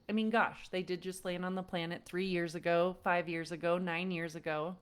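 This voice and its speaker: A woman parenting coach teaches an online lesson for parents in a lowish, smooth voice at a moderate pace. She's animated, often laughing as she acts out frustrated parents.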